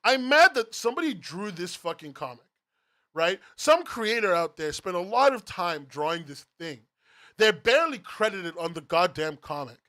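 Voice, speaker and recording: A man's voice: sits high, pushed and bright. A man reviewing webcomic platforms in a profane, exasperated rant, laughing through it. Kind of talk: ranting commentary.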